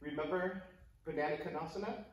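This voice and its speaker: A man's voice: a little high, a little fast, dull audio, slight background noise. A man leading a yoga class for children, giving playful, encouraging cues. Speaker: kids yoga instructor. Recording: echoey room, mic at a distance.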